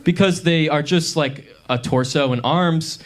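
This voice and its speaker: A young man in his twenties doing a stand-up comedy set on a club stage, telling stories with pauses before the punchlines. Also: fairly high pitch.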